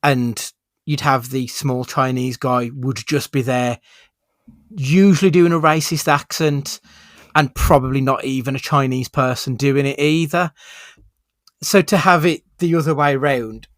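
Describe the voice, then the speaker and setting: Male podcast co-host, mid-pitch, dry close sound, easygoing film-review chat. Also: measured pace, no room sound. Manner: relaxed, leads the rating categories.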